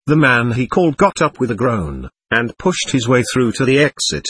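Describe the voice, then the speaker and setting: A man with a husky voice reading a first-person war memoir aloud, in measured storytelling. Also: mid-range voice, sing-song, fairly bright tone. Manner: measured storytelling, voicing the soldiers lightly. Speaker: audiobook narrator.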